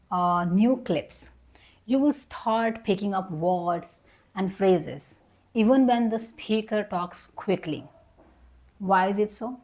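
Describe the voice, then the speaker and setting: A woman's voice: mid-range voice, a little mellow. A young adult woman teaching an online English lesson. She explains each point patiently, repeats herself and models example sentences.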